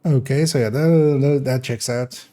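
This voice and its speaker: A man's voice: mid-range voice, steady tone, a little slow, mellow. A man streaming a game live, in casual commentary, thinking aloud hesitantly as he works through numbers.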